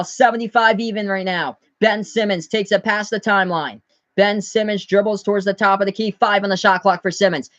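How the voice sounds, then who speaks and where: A man from the US Northeast giving live play-by-play commentary on his stream, calling the score briskly and talking to his chat. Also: sits high, a bit bright, dry recording, dull audio.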